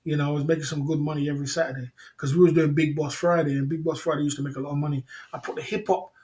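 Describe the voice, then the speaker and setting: A man's voice: on the high side, little pitch movement, rapid-fire, darkish tone. A man hosts a livestream. He tells stories in a loose, rambling way. He keeps repeating lines, chuckles and calls out to the people in the chat. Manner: rambling, repetitive, chuckles often, talks to the chat. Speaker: livestream host. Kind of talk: casual livestream storytelling.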